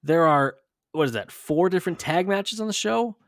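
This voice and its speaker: A man's voice: high-pitched, expressive, fairly bright tone, no room sound, studio quality. A man co-hosting a podcast in casual chat, quizzing his partner and reeling off lists of names. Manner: quizzing, listing names quickly. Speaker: podcast co-host.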